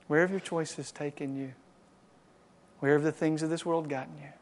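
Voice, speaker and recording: A male pastor preaching to a congregation and leading a prayer, swinging from loud impassioned exhortation to quiet, hushed pleading. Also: a little high, fairly even intonation, normal speed. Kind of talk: sermon and closing prayer. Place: church service.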